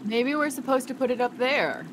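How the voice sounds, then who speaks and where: A woman playing a tabletop game, lively and playful with her group. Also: high-pitched, background noise. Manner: lively and playful, quick to joke. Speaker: player. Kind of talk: casual tabletop game play.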